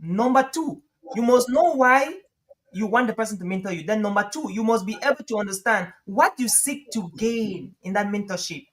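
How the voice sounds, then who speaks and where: A man talking as a guest coach on a live stream, lively and emphatic, often laughing and repeating phrases for emphasis. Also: high voice, normal speed, low-quality recording. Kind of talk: conversational advice on a live stream.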